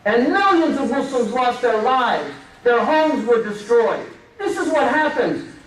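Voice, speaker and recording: This preacher's voice is very high and lively in intonation, though his pace stays measured. He gives a fervent Friday mosque sermon packed with emphasis and rhetorical questions, captured from afar in an echoing hall with a little background noise.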